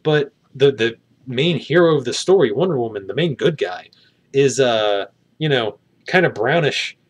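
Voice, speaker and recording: A man's voice: medium pitch, animated, normal speed, breathy edge. Rambling, hedging male film reviewer. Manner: rambling, hedging, many fillers. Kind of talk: casual spoken review.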